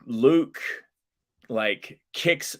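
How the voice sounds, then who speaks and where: A man's voice: medium pitch, extremely slow. A man, a professional wrestler, telling a wild story as a guest in a casual interview with lots of fillers. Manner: animated, chatty, lots of fillers.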